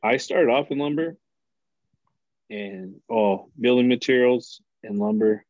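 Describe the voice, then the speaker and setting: A man in his thirties, a podcast guest, telling a story in a casual, profane and animated way. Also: medium pitch, a little slow, dry recording, narrow, tinny audio. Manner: animated, profane, acts out quoted voices.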